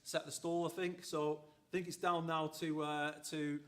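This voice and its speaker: A man's voice: a little high, flat delivery, normal speed, fairly bright tone. A man co-hosting a live university show, chatty and loose, with lots of fillers and restarts. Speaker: co-host, associate dean.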